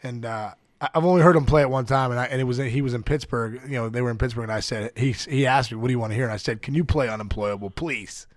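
A man, a former ballplayer, telling an animated story as a podcast guest, rambling and excitable with many restarts. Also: mid-range voice, quick pace, hardly any pauses, no room sound. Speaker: guest, former baseball player. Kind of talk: animated storytelling in casual chat.

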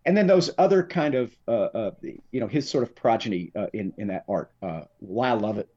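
A man's voice: lowish voice, a little fast, husky, highs cut off. A man from Texas, a political commentator, talking as a podcast guest in an emphatic, joking storytelling manner. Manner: animated storyteller, emphatic and jokey. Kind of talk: podcast interview chat.

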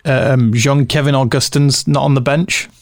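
A man hosting a casual football podcast, running through stats and fixtures in a brisk way. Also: medium pitch, fairly even intonation, no room sound, clean studio sound. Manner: reads out match stats briskly. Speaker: podcast host.

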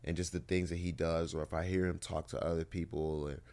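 A man's voice: sits low, level tone, brisk, darkish tone. A man in his thirties, a guest in an interview, telling stories in a laid-back, drawling way and swearing freely. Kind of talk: casual storytelling.

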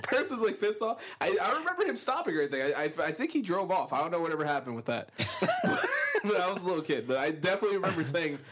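A man's voice: high-pitched, huge pitch swings, quick pace, over music. A man in casual podcast chat who reacts with short exclamations and laughs as he tells a childhood story. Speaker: podcast co-host. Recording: noisy podcast mic.

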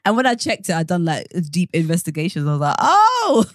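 A woman with a lowish voice trades stories on a podcast, her pitch swinging widely as she reacts. She is recorded close and dry. She laughs often and reacts fast. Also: expressive, no echo. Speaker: podcast co-host. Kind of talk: casual chat.

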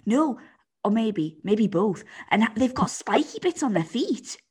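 A woman's voice: fairly high pitch, big pitch swings, a little slow, darkish tone, husky. A woman hosting a podcast in casual chat, laid-back and teasing, laughing often and passing on listener messages. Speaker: podcast host.

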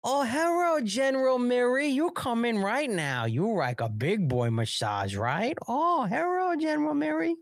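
A man voicing a fawning woman hostess who greets clients in a shrill, singsong, broken-English voice. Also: sing-song, unhurried, vocal fry, few pauses, dry recording, studio quality, full character voice.

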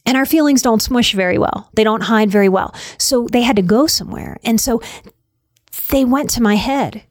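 A woman's voice: on the high side, moderate pace, darkish tone, dry recording, studio quality. A middle-aged woman hosting a reflective talk on anxiety, speaking earnestly with repeated emphasis and the odd "y'all". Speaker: podcast host on anxiety.

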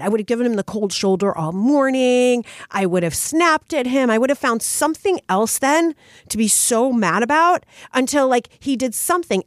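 Candid woman host talking lively, getting over a cold. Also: on the high side, no echo, studio quality. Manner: candid and expressive, frequent "like" and "right?". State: recovering from a cold. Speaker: podcast host. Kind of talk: personal storytelling monologue.

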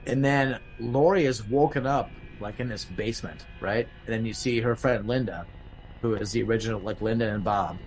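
A man's voice: lowish voice, moderate pace, a crowd in the background, rough recording. Rambling man recapping a horror film. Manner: rambling, many fillers, acts out quotes. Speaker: podcast host.

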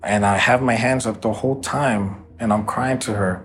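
A man's voice: lowish voice, normal speed, a bit bright, faint music behind. A man giving documentary interview testimony, recounting a shooting in an earnest, emotional first-person way.

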